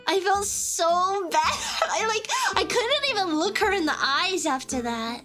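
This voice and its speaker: A woman's voice: very high voice, sing-song, slow, bright, forceful tone, soft background music. A young woman from the United States streaming a casual chat, rambling and giggly, often cutting herself off mid-sentence. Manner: rambling, giggly, self-interrupting.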